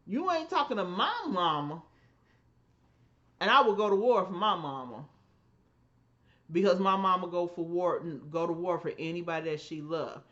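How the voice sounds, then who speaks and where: A woman co-hosting a podcast, telling family stories in an emphatic, animated way and acting out the voices she quotes. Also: on the low side, normal speed, long pauses, lo-fi sound. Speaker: podcast co-host. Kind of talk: casual storytelling chat.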